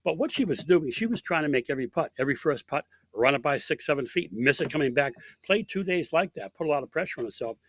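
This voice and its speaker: A fast-talking man with a fairly high pitch and lively intonation barely pauses as he tells an interview story about his work as a college golf coach. He uses many fillers and keeps restarting sentences. No echo can be heard.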